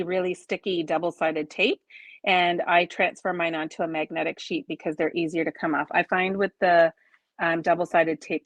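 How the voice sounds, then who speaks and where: A woman's voice: lowish voice, no room sound. A woman in her forties hosting a live crafting stream at her home desk. She chats casually with viewers, explains each step and laughs often at herself. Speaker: crafting host.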